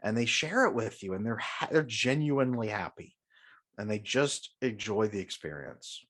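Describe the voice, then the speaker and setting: A man's voice: lowish voice, animated, moderate pace, a bit bright. A man speaking as a coach and podcast guest, confident and emphatic, guiding the listener through an imagined scenario. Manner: emphatic and confident, often agreeing firmly. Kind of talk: conversational podcast interview.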